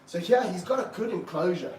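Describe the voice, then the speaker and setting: A man with a fairly high voice talks through a live stream while handling a snake, swinging from excited bursts to low muttering. He sounds far from the mic in a roomy indoor space with a faint hum behind. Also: brisk. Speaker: snake keeper. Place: room of snake enclosures, indoors.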